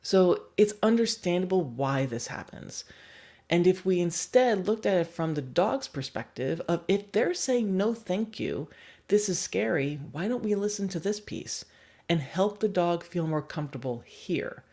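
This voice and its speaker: A young adult woman and dog trainer giving a livestream lesson, animated and acting out examples. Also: fairly low pitch, normal speed. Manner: animated, acts out examples with voices.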